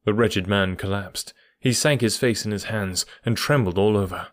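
A male audiobook narrator with a low voice reads scripted narration at a moderate pace. The recording is clean and dry, with studio quality.

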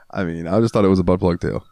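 Low-voiced rambling guy co-host. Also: fast, gravelly, mellow, no room sound, clean studio sound. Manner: rambling, laughing, crude. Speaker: podcast co-host. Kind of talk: casual chat.

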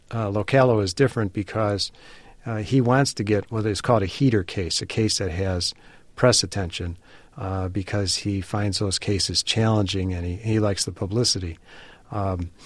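A man being interviewed on radio as an author, speaking in a measured way with frequent fillers. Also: fairly low pitch, no echo. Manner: measured, hesitant with many fillers. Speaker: author and guest.

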